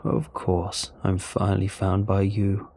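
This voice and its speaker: Male narrator doing a stranded alien, deep rasp, dark tone, slow speech, horror story reading. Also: completely flat delivery, exaggerated voice. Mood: wry. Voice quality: low gravelly voice. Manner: slow, drawn-out delivery.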